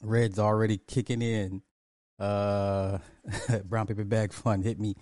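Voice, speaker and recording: A man hosts a casual commentary stream, drawing his words out slowly and repeating points for emphasis. His voice is dark and mellow. It is recorded dry, close to the mic. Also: on the low side, little pitch movement, dry recording. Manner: drawling, repetitive, emphatic, chuckles often. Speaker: commentary show host.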